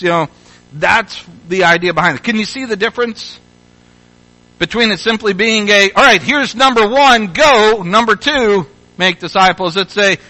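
A man's voice: sits high, pushed and bright, poor audio. A man preaching a sermon as pastor, emphatic and repeating his key phrases.

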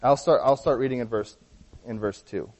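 A man's voice: mid-range voice, normal speed, a little mellow, slightly rough. A man preaching a sermon, teaching earnestly through a Bible passage and often restarting his sentences. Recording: dull lo-fi sound with long hall reverb.

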